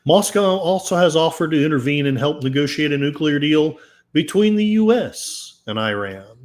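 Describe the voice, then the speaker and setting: A man's voice: fairly high pitch, animated, normal speed. A man hosting a podcast, reading news articles aloud with sarcastic, rambling asides. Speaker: podcast host. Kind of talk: casual commentary while reading news aloud.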